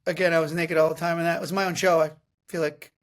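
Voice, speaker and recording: A man in his thirties hosting a podcast, telling comic stories in a casual, animated way and often laughing. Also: fairly high pitch, fast. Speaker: podcast host. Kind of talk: casual comedic storytelling.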